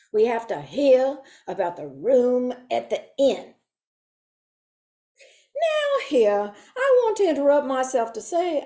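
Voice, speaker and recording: A woman's voice: a little high, mellow. A woman voicing a prim, fussy older Sunday school teacher in a comic monologue, talking in a lilting, stagey way full of asides.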